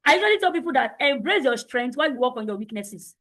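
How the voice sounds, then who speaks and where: A woman coaching teens in an online session, speaking in a loud, bold and confident way. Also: sits high, big pitch swings, quick pace, poor audio. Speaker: teen identity coach. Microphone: online meeting.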